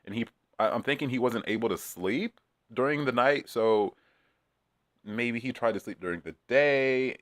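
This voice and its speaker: A man's voice: mid-range voice, normal speed, dry recording, studio quality. A man chatting casually in a rambling, profane way, with many fillers, as he recaps a reality show. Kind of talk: casual chat.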